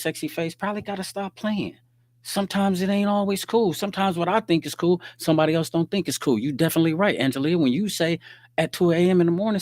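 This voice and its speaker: A man hosting his own podcast, telling a story in a casual, animated way and reading out text messages. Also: a little high, no echo. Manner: animated, reads out text messages, frequent "you dig what I'm saying". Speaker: podcast host.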